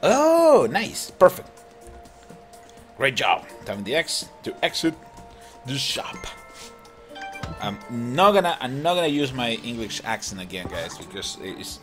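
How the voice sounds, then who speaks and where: Excitable man narrating mobile gameplay. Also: medium pitch, a little slow, pauses often. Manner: excitable, chatty, laughs often. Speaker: mobile game channel host. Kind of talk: casual gameplay commentary. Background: game music.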